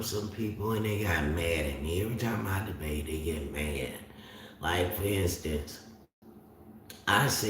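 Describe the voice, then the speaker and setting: A fairly low-pitched man with a north Florida Southern accent hosts a livestream, rambling and drawling through casual chat as he answers viewers' comments. The room is very echoey, the mic sits at a distance, and there's slight background noise.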